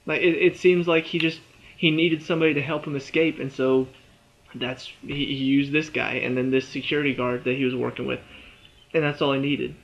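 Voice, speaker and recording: A man giving a casual, animated spoken review of a TV episode, chatty and full of "you know" and "uh". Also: mid-range voice, brisk, gravelly, dull audio.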